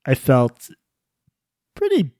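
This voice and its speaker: A man co-hosting a podcast in casual, teasing chat, animated and quick to talk over his partner. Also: mid-range voice, dry recording, studio quality. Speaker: podcast co-host.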